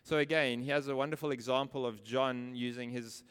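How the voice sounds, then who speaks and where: A man delivers a sermon in a smooth, resonant voice, pressing his points with rhetorical questions and repeated phrases. His words ring out with the long reverb of a large hall. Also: mid-range voice, steady tone, fairly quick, fairly bright tone. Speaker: preacher.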